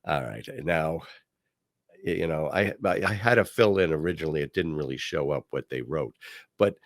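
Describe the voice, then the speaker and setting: Here a male podcast host speaks at a moderate pace, casually narrating a story of his own. Voices he quotes get a higher pitch; his asides turn quiet and low. It's recorded at studio quality with no room sound.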